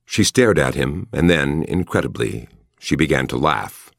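A man narrating an audiobook in a measured, expressive way. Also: rumbling low, creaky, dry recording, studio quality. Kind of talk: scripted narration.

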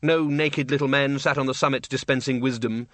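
A man narrating a comic fantasy audiobook with wry, lively storytelling. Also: mid-range voice, brisk, dry recording.

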